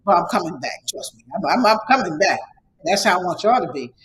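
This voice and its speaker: High-voiced man giving a rambling pep talk. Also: very animated, fast, fairly bright tone, rough recording. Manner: casual, conversational. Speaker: online course instructor. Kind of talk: motivational talk to students.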